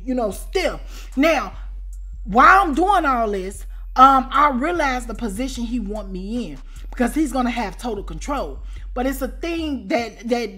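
Animated woman in her forties, high-ish voice. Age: 40s. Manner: animated, repeats "you know what I'm saying"; slangy conversational storytelling. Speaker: storyteller vlogger. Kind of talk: casual storytime.

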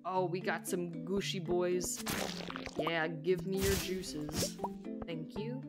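With a fairly low pitch, an even tone, and a slow pace, a female streamer chats casually while she plays. Game music runs underneath as she rambles playfully and giggles frequently.

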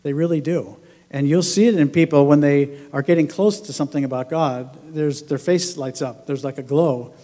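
A pastor delivering a sermon in a church, telling stories in a conversational way and acting out what people said. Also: male voice, on the high side, moderate pace, mellow, in a large hall. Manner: conversational storytelling, acts out quoted voices, laughs often. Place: church sanctuary.

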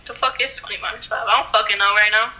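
A woman's voice: mid-range voice, fairly even intonation, quick pace, bright, forceful tone, low-quality recording. A young woman chatting with strangers on a video call, blunt and swearing freely. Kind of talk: casual chat.

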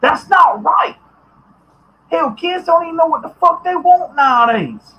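Very high-voiced ranting man. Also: animated, a little slow, highs cut off. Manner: profane, blunt, heated, sometimes shouting. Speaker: podcast host. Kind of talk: ranting commentary.

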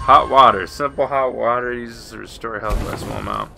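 A man giving let's play commentary with excitable shouts and frequent exclamations. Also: medium pitch, a little fast, creaky, hardly any pauses, slight background noise. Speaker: gamer.

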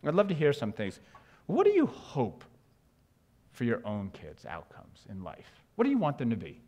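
A man's voice: medium pitch, moderate pace, highs cut off. New york guy doing a talk on stage, bouncy up-and-down voice, cracks jokes at the crowd. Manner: animated, jokey, asks the audience questions. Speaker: education speaker. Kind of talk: conference talk to an audience. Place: conference stage.

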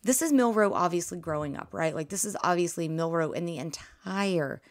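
A woman, hosting a casual sports recap podcast, excitable and animated, her voice nearly worn out. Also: on the low side, normal speed, dry recording, clean studio sound. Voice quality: gravelly. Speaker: podcast host.

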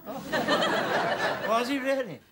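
Brief: a mild, well-bred sergeant who hedges and drawls politely. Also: male voice, extremely high pitch, huge pitch swings, extremely slow, very noisy, exaggerated voice. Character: genteel, mild middle-aged male sergeant.

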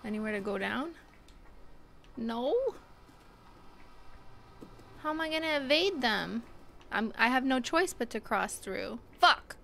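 A woman livestreams a game over background music, chatting casually, swearing a lot and breaking into anxious squeals. Her voice is a little high, gravelly, pushed and bright, with lively intonation, a slow pace and long pauses, plus slight background noise.

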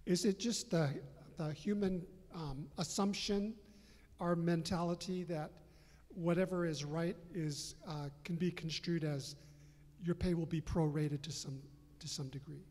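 A man's voice: fairly high pitch, steady tone, a little slow, a little mellow, a little hiss or hum. Hesitant man asking a question in a church hall. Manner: hesitant, searching for words. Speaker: congregation member asking a question.

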